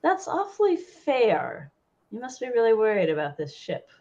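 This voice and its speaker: A woman's voice: on the high side, wildly swooping pitch, normal speed, a little mellow, voice pushed up. Casting: woman doing a proud pirate captain, taunting and haughty, on a dull lo-fi recording.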